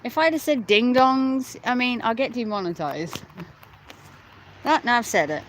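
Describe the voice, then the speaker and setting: On poor audio with slight background noise, a British woman livestreams on her phone outdoors at night near a hotel and a graveyard. Her voice is on the high side and a little slow as she chats casually with viewers, giggling, teasing them, and swearing offhandedly.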